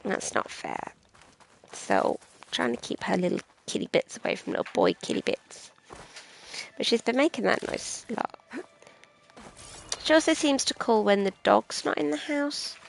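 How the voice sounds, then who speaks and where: A British woman streams a video game, chatting and rambling casually and often poking fun at herself. Her fairly high, animated voice moves at a moderate pace with some creak, and the rough recording has a little hiss or hum.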